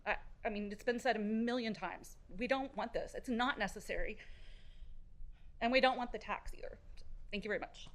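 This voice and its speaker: A middle-aged woman speaks at a council chamber podium in a fairly high voice. Her delivery is earnest and halting, with restarts. She sounds close and clear on the podium microphone. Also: fairly bright tone, a little hiss or hum. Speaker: resident giving public comment. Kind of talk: public comment at a council meeting.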